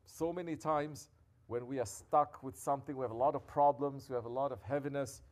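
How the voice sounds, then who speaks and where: A sheikh delivers a sermon at a brisk pace in a medium-pitched voice with fairly even intonation. He shifts between quiet, intimate reflection and loud, scolding exhortation, sprinkling in Arabic devotional phrases.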